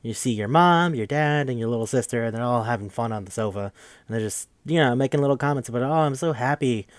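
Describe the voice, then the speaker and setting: A man's voice: mid-range voice, quick pace, no room sound. A man hosting a podcast, recapping a game in a rambling, joking, profane casual chat. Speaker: podcast host.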